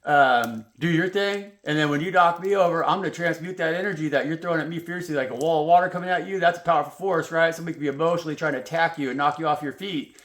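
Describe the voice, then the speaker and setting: A man's voice: on the high side, rapid-fire, few pauses, a bit bright. A man giving a casual, rambling tarot reading, heated and full of swearing. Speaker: tarot reader. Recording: roomy echo.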